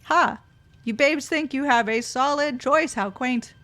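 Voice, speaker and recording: A woman's voice: high voice, unhurried, fairly bright tone. A woman voicing a big, purple-skinned male villain who taunts and barks orders at his soldiers. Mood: menacing. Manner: taunting, commanding.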